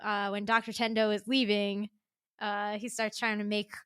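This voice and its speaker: A woman's voice: mid-range voice, level tone, moderate pace, fairly bright tone, clean tone, no room sound, clean studio sound. A woman hosting a podcast in casual chat, laughing often and retelling scenes with animation. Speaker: podcast host.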